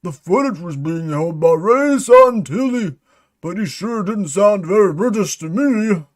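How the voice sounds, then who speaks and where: A man's voice: high-pitched, lively intonation, unhurried. A man voicing a male employee number fifty-three, a conspiracy-minded agent giving a theatrical, urgent report. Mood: conspiratorial. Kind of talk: dramatic reading of a mystery log.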